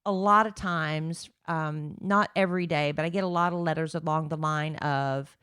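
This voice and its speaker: Chatty low-voiced woman host. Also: moderate pace, clear, resonant tone, no room sound, clean studio sound. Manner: chatty, animated storyteller. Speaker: podcast co-host. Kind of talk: casual chat.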